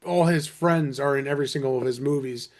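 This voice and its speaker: A man's voice: medium pitch, brisk. A man hosting a casual interview podcast, giving short, supportive replies and laughing easily. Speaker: podcast host.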